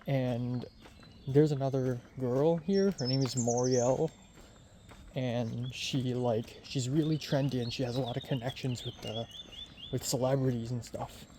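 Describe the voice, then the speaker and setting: A man's voice: mid-range voice, steady tone, measured pace, warm tone, a little hiss or hum. A man in his twenties telling a story in a casual vlog, rambling and chatty with lots of fillers. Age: 20s. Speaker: vlogger.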